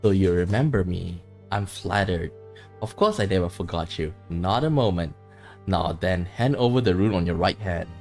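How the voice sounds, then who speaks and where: A man's voice: sits low, a little mellow, soft background music. Man playing a taunting ancient witch. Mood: mocking. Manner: slow, taunting, condescending. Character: scheming, mocking ancient witch woman.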